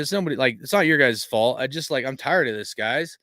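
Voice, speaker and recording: A man's voice: medium pitch, expressive, fairly quick, sharp tone, no room sound, studio quality. Profane, fed-up man venting. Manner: profane, frustrated venting with lots of fillers. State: tired. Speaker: fan channel host. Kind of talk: live-stream fan rant reading chat.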